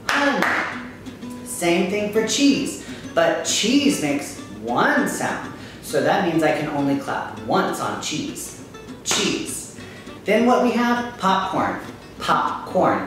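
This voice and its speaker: Woman, kindergarten music teacher, lively sing-song delivery, slow and clear, echoey kitchen, mic far off, faint music. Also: medium pitch. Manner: upbeat and encouraging, chants words to a steady beat. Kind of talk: children's lesson, call and response.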